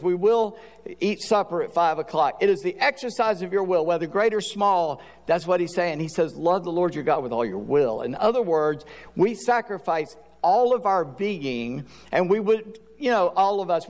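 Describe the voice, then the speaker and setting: Guy preaching a sermon, kinda higher voice, talks to the room casually, big echoey church sound. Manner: conversational preaching with quick asides. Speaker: pastor.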